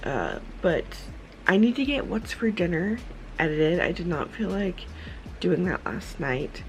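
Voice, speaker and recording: A woman, casually vlogging at home early in the morning, chatty and rambling, with a tired, husky morning voice. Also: on the low side, very animated, unhurried, rough recording. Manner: chatty, rambling, with many fillers. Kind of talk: casual vlog chat. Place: dim home room at a desk, early morning.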